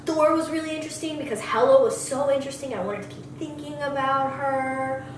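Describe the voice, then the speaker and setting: A woman co-host on a movie review podcast chats casually, a little fast, in a high-pitched voice. Her views are blunt and strongly held, and she gets animated with mock voices. The sound has slight background noise, with a distant mic in an echoey room.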